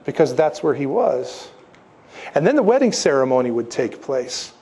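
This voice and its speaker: A man preaching a sermon, emphatic and animated, posing rhetorical questions to his listeners and slipping into stories. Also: mid-range voice, moderate pace, slightly rough. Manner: animated storytelling with asides. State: congested, needing tissues. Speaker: pastor.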